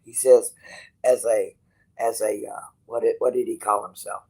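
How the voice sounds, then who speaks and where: A man's voice: fairly low pitch, flat delivery, normal speed, a little mellow, rough recording. A man hosting his channel, telling a personal story to viewers in a rambling, casual way, quoting others and swearing freely. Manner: rambling, restarts, quotes others in dialogue, swears. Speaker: channel host.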